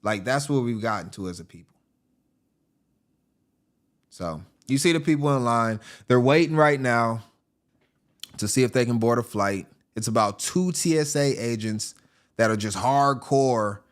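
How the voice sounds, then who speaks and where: Joking, animated male show host. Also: medium pitch, unhurried, pauses often. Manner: joking, animated, often laughing. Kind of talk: casual commentary over video.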